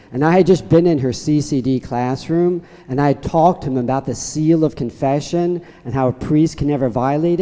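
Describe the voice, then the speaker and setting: A man's voice: fairly high pitch, warm tone. A man, a priest, giving a sermon with a humorous story in a church. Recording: church reverb.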